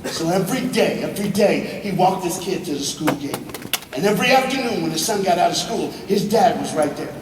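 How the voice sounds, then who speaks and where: High-voiced man telling a dramatic story. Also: expressive, fairly quick. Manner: swings from hushed to shouting, with joking asides to the crowd. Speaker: motivational speaker. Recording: echoey hall, far mic, faint noise.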